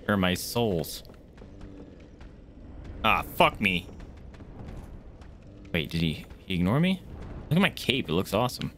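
A young man giving live commentary as he plays a game, reacting loudly and swearing often, yelping when startled. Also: sits low, sing-song, takes it slowly, long pauses, slight background noise. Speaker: streamer playing a game.

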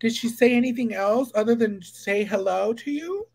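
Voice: mid-range voice, moderate pace, vocal fry, darkish tone. A host in casual chat, reacting to a guest's story with gasps and short exclamations.

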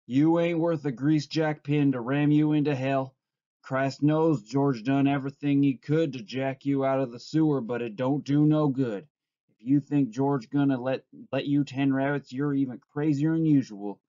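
A scornful giant rabbit mocks and taunts in a mellow, raised voice, as a man puts it on. The sound is dull and lo-fi. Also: mid-range voice, fairly even intonation, normal speed, no room sound, voice pushed up, natural voice. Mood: taunting. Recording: dull lo-fi recording.

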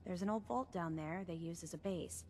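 A woman's voice: lowish voice, moderate pace, crowd noise, lightly acted. A woman voicing a weary game secretary. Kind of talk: video game voice acting.

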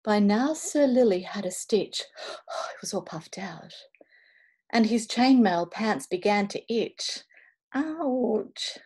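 Woman storybook reader, video call, animated pitch, unhurried, expressive, dips into whispers. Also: slightly rough. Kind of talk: reading a picture book aloud to children.

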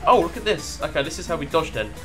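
A man giving casual Let's Play commentary, excitable, swearing and laughing as he plays. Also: a little high, fast, music in the background.

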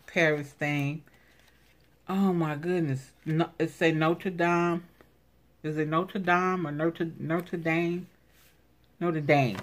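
A woman's voice: low-pitched, a little hiss or hum. A woman vlogger chatting casually while opening craft mail, gushing and exclaiming over each piece. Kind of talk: casual unboxing chat.

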